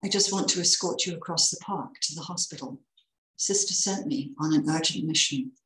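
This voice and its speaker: A woman's voice: deep voice, moderate pace, a bit bright, echoey room, poor audio. A woman voicing a mysterious male cavalier who speaks politely and urgently.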